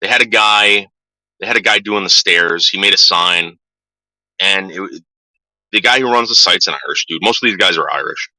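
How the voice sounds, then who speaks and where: A man's voice: low-pitched, normal speed, sharp tone, dry recording, poor audio. A middle-aged man ranting casually to his viewers, swearing a lot and stumbling over repeated words. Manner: profane, stammering repeats. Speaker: vlogger. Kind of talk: casual rant.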